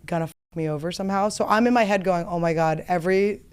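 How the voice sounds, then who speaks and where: A woman's voice: mid-range voice, fast talker, a little mellow, clear, resonant tone. Woman, podcast host, casual comedic chat, self-mocking, rambling, studio.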